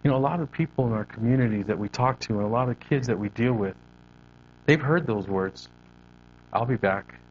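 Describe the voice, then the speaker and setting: A man preaching a sermon, animated and conversational, moving his hands as he talks. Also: mid-range voice, fairly quick, dull audio, a little hiss or hum. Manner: animated preaching with hand gestures. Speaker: pastor.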